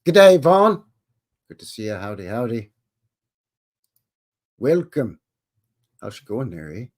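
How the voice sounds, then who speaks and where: A man's voice: on the low side, animated, unhurried, warm tone. A middle-aged man with a Western Canadian accent, hosting a casual live stream and greeting viewers in a folksy way.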